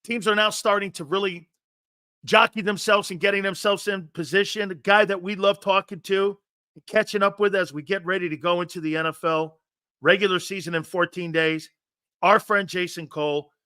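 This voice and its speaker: A man in his fifties hosting a sports talk show, telling rambling, animated anecdotes with many restarts. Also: high-pitched, normal speed, clear, resonant tone, no room sound, clean studio sound. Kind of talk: casual storytelling and show hosting.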